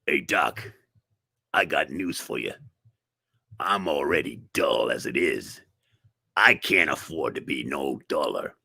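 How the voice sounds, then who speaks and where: A man putting on a low, gruff tough-guy voice talking back to a doctor. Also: animated, takes it slowly, long pauses, bright, forceful tone, no room sound, studio quality, heavily acted.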